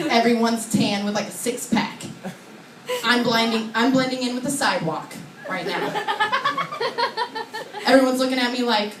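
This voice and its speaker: Young female stand-up, high voice, chatty storyteller, room noise around her. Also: steady tone, normal speed. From Oregon, USA. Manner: chatty, self-mocking, acts out voices. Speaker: stand-up comedian. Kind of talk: stand-up comedy set. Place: comedy club stage. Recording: echoey club, recorded from far off.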